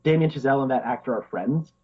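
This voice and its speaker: Husky-voiced man chatting about movies, lo-fi. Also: medium pitch, fast talker. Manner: enthusiastic, laughs often, many fillers. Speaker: podcast co-host. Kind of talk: casual film discussion.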